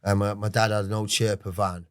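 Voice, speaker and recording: A man's voice: lowish voice, level tone, brisk, no room sound, studio quality. A man in his forties with an English accent, a podcast guest telling his life story in a rambling, swearing way with many restarts. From England. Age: 40s. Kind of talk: casual storytelling interview.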